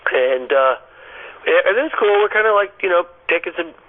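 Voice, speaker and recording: Animated male guest over a phone line. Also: high voice, moderate pace. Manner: animated, stammers and repeats words. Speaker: interview guest. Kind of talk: casual storytelling.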